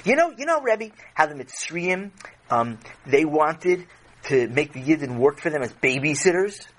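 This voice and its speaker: A man voicing an excitable schoolboy who tells a story to his teacher in a children's audio story. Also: fairly high pitch, moderate pace, a little hiss or hum, rough recording. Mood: eager. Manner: excitable, eager.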